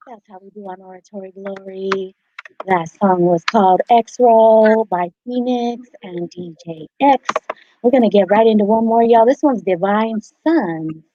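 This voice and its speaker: A woman hosting a live-streamed radio show, chatting casually and shouting out listeners while songs play. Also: mid-range voice, a little slow. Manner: chatty, shouts out listeners, talks over technical trouble. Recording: dull lo-fi stream audio with noise.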